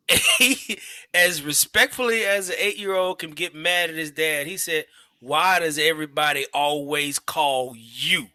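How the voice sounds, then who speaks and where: Man, thirties, podcast host, very bright tone, dry close sound, rambling storyteller with fillers. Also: on the high side, no echo. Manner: relaxed storytelling with frequent fillers and restarts. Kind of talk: casual podcast chat.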